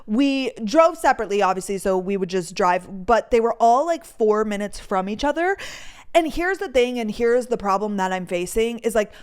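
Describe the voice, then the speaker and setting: A woman's voice: mid-range voice, expressive, normal speed, clean tone. A young woman, hosting a podcast and chatting casually through a rambling storytime. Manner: bubbly, chatty, rambling with lots of "like". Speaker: podcast host.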